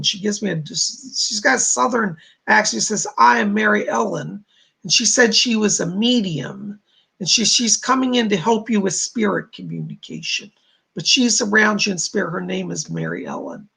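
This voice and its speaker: A man's voice: high voice, vocal fry, bright, forceful tone, slightly rough. A man hosting a livestream, giving psychic readings to viewers, reassuring and chatty with many fillers. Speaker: psychic medium host.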